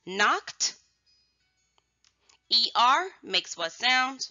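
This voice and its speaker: A woman teaching young children a phonics and vocabulary lesson, enunciating words slowly and emphatically, then calling out single words loudly. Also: mid-range voice, big pitch swings, dry recording, muffled recording, faint music behind. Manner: slow, emphatic, drawn-out enunciation with sudden loud word calls.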